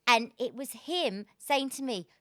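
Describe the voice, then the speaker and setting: A woman, a podcast guest telling her story in a casual, animated way and laughing often. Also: on the high side, measured pace, no echo, studio quality.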